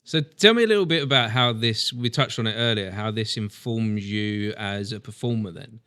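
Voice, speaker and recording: A man's voice: on the low side, normal speed, bright, forceful tone, clear, resonant tone, no room sound, clean studio sound. A man hosting a talk show, asking open questions in a supportive way. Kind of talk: interview.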